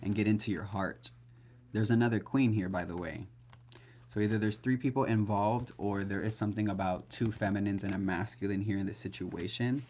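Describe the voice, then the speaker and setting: A man's voice: fairly low pitch, fairly even intonation, brisk, a little mellow, a little hiss or hum. A man giving a casual live-stream tarot reading, blunt and chatty, swearing freely. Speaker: tarot reader.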